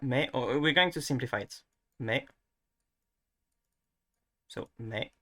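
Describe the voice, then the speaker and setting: A man's voice: mid-range voice, lively intonation, slow, a bit bright. A young man, teaching pronunciation in a casual, hesitant way, thinking aloud and often restarting. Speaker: language teacher.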